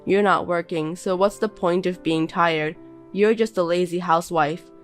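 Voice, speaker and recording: A woman's voice: lowish voice, steady tone, moderate pace, faint music behind, lightly acted. Woman voicing a scornful, bossy husband. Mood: contemptuous. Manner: belittling, bossy and contemptuous. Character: scornful insulting young husband. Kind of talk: reading a text-message story.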